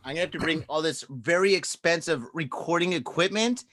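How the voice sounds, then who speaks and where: A man's voice: on the high side, fairly quick, a bit bright. A man co-hosting a podcast, chatting casually and joking with a lot of profanity. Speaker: podcast co-host. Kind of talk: casual chat. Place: Japan.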